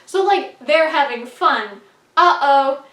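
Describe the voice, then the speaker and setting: A high, bright-voiced woman talks through a film she just saw in a loose, chatty way, leaning on "like" and "you know". She sounds a little away from the mic in an echoey room. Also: animated, slow pace, recorded from a distance. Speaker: movie reviewer. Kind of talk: casual spoken movie review.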